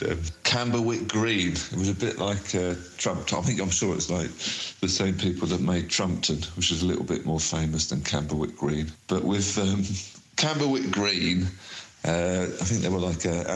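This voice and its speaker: Hesitant man in a roomy space. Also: low-pitched. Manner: hesitant, full of ums and likes. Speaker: guest, artist. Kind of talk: reflective voice-message chat.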